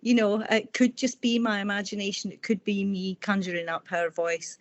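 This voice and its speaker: A woman author talking in a casual interview over a video call, telling personal stories warmly and restarting her sentences often. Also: mid-range voice, level tone, normal speed, muffled recording. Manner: warm, chatty storytelling with frequent restarts. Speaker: author guest.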